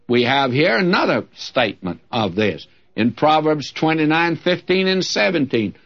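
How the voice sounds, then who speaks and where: An older male pastor preaching a sermon in a folksy, humorous way, reading scripture with emphatic swings. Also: mid-range voice. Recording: dull lo-fi old sermon recording.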